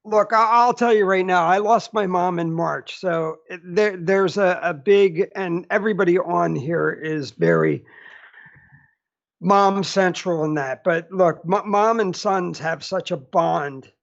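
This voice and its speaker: High-pitched gravelly male host. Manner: halting, repeats words. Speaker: podcast host. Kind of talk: casual interview chat. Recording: dull lo-fi audio.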